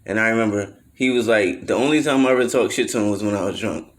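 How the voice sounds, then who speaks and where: A man with a lowish voice spins a rambling personal story, swearing freely and leaning on slang. He slips in and out of other people's voices as he talks. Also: fast talker. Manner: loose slangy storytelling, acts out quotes in raised voices; swears freely, trails off with fillers. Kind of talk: casual storytelling monologue.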